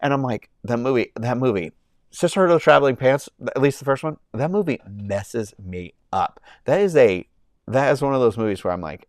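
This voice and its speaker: Young man, casual streamer, smooth and clear, dry close-mic sound, rambly and effusive. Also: medium pitch, animated, brisk, no echo. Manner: rambling, many fillers and restarts, gushing. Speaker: movie review livestream host. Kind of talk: casual chat. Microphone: own microphone, close.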